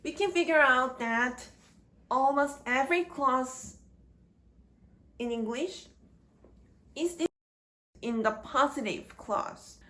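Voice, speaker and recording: Woman reading out a grammar lesson, slightly high voice, super slow and careful. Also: pushed and bright. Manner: slow, deliberate, halting phrase by phrase. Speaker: grammar teacher. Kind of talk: slow scripted grammar lecture.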